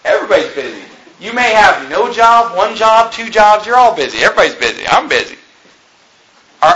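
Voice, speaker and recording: A young man preaching a fiery sermon, joking one moment and shouting the next. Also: sits high, animated, normal speed, muffled recording. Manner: impassioned, swings between joking and shouting.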